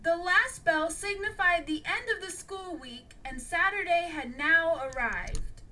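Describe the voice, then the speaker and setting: A woman narrating a storybook audiobook in a plain, unhurried read-aloud style. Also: very high voice, expressive, bright, forceful tone, slight background noise.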